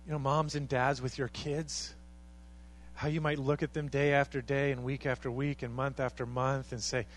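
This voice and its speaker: A man's voice: medium pitch, flat delivery, moderate pace, rough recording. A man preaching a sermon with earnest conviction, building to emphatic peaks and acting out the words people say. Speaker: pastor.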